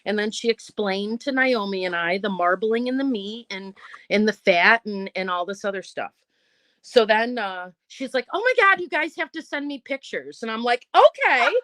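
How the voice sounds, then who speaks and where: A woman with a mid-range voice and a moderate pace hosts her own channel, live-streaming a long story from indoors at home and acting out every quoted line in an animated way. There is no echo.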